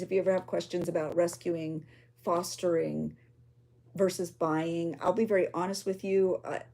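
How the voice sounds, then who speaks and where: A woman's voice: fairly low pitch, darkish tone, a little hiss or hum. Chatty, emotional woman craft vlogger. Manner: chatty and emotional, rambling with fillers. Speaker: junk journaling video host. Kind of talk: chatty craft vlog talk.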